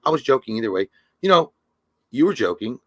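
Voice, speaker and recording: A man's voice: medium pitch, big pitch swings, fairly quick, fairly bright tone, no room sound, clean studio sound. A young adult man co-hosting a live show, joking crudely with lots of hesitation and fillers. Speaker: podcast co-host. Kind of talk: casual live-show chat.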